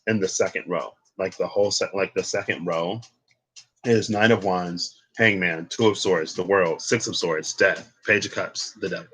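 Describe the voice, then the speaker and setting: Here a man with a low, fairly bright voice and a breathy edge talks at normal speed through a relaxed, rambling tarot reading. The recording is rough, and he laughs, exclaims, and adds asides as he thinks aloud between points.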